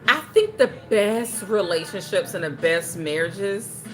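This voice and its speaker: A woman's voice: medium pitch, a little slow, soft background music. A young woman, hosting a home livestream, reading viewer comments and joking around in casual chat. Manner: animated, joking, playful put-on voices. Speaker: livestream host.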